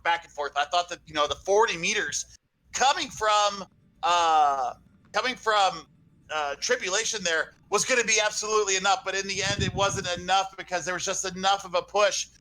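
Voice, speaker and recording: A man giving live esports color commentary over an online call, out of breath, excitable and gushing with many fillers. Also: sits high, rough recording.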